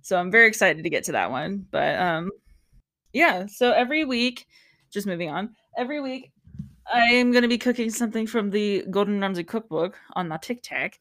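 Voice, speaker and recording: A woman's voice: mid-range voice, lively intonation, moderate pace, a bit bright, no room sound, studio quality. A young woman hosting a podcast, talking casually, frankly, and laughing often. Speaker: podcast host. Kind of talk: casual chat.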